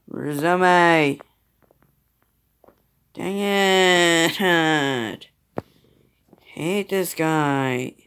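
A man's voice: fairly high pitch, fairly bright tone, clear, resonant tone. A tired man muttering gameplay commentary into a phone microphone, grumbling at his opponents. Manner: grumbling at the game, muttering to himself. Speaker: mobile game player.

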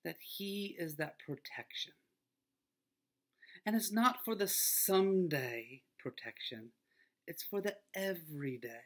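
A middle-aged man, a school pastor, giving a children's devotional talk in a gentle, earnest way that often sinks to a soft near-whisper. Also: on the high side, slow pace.

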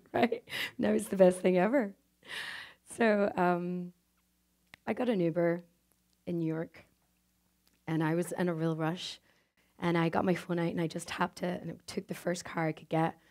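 A woman's voice: fairly low pitch, warm tone. An Irish woman giving a motivational stage talk, telling a personal story and acting out the dialogue, with frequent tag questions to the audience. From Ireland. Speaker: speaker.

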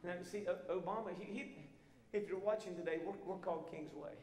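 A man preaching a sermon as pastor, swinging between emphatic shouting and hushed intimate tones, full of repeated rhetorical questions. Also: high voice, fairly even intonation, fairly quick. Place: church sanctuary. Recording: echoey hall with long reverb.

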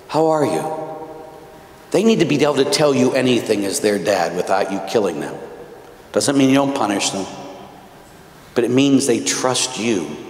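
Priest preaching in an echoey church. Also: male voice, medium pitch. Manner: exhorting, swings from quiet to loud. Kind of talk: conference talk to men. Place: large church.

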